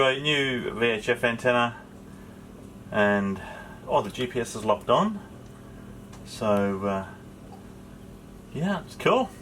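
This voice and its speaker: A man's voice: lowish voice, a bit bright, slight background noise. A man hosting a sailing vlog, chatting casually and rambling with lots of ums while recording on his boat. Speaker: vlog host. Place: on a sailboat.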